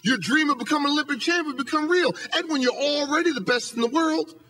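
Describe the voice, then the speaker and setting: A man's voice: very high-pitched, fast talker, sharp tone, a little hiss or hum, pitched above the performer's own voice. A man voicing an exasperated male track coach who pleads in disbelief. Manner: pleading, incredulous.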